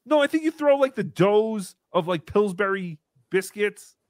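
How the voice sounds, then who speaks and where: A man in his thirties hosting a livestream, reading donations and joking around in a casual, animated way. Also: high voice, moderate pace, no room sound, clean studio sound. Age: 30s. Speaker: livestream host.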